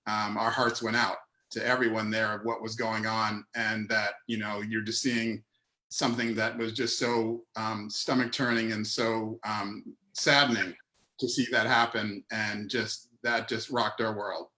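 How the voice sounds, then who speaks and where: A man guest talks earnestly and hesitantly, leaning on fillers. His voice sits fairly low and comes across bright and forceful. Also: level tone, unhurried.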